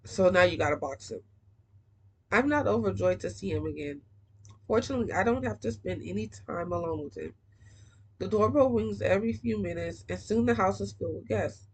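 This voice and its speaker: A woman reads a novel aloud in a husky, mid-range voice. She stops now and then for casual, slangy asides before going back to the text. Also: mid-range voice, lively intonation, brisk, poor audio. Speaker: book reader. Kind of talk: reading a novel aloud with comments.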